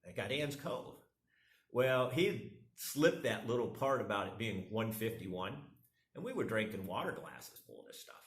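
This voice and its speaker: A middle-aged man vlogs a rambling, self-deprecating story in casual storytelling style, acting out the quotes. His lowish voice has a sing-song lilt at a moderate pace. The room is echoey.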